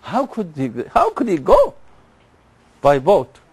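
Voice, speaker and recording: A man lectures to a class in a fairly high voice. He moves slowly and deliberately, drilling pronunciations and asking listeners to repeat after him. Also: wildly swooping pitch, a little mellow, husky. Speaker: Bible teacher.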